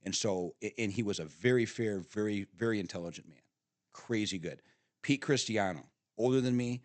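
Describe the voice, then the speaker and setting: Middle-aged man, podcast guest, salty animated storyteller, dry close studio sound. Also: on the low side, normal speed, no room sound. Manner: animated storyteller, swearing, frequent laughs and restarts. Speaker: podcast guest, father of the host. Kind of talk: casual storytelling chat.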